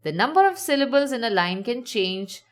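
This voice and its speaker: A woman narrating a scripted lesson, slowly sounding out example words with clear enunciation. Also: a little high, big pitch swings. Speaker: teacher.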